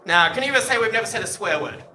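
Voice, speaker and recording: A man doing a stand-up routine, animated and swearing freely, with loud outbursts before a live audience. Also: high-pitched, racing. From Australia. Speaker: stand-up comedian. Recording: echoey live venue from far off. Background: audience laughter and crowd noise.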